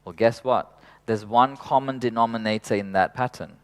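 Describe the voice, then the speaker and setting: A man leading a workshop in an unhurried, reflective way, laughing softly now and then and swearing casually. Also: medium pitch. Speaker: workshop facilitator.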